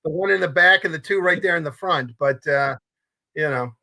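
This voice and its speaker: An older man co-hosting a casual sports talk show, rambling and halting with repeated words and fillers. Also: on the high side, sharp tone. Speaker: co-host.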